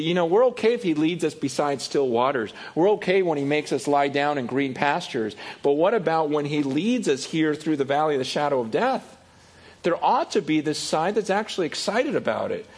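A middle-aged pastor preaching a sermon, animated, acting out voices, sometimes dropping to a quiet confessional tone. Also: male voice, husky. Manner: animated, acts out voices with rising pitch and loudness.

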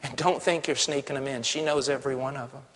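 A male pastor preaching a sermon, passionate, dropping to a hush and then rising to a shout. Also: mid-range voice, steady tone, fast talker. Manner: impassioned, swings from hushed to shouting. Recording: long hall reverb.

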